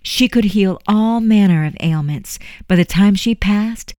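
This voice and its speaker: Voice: mid-range voice, a little mellow, no echo, studio quality, pitched above the performer's own voice, natural voice. A narrator voicing a grown woman with folksy speech who patiently tells family lore. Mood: telling lore. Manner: folksy dialect, unhurried storytelling.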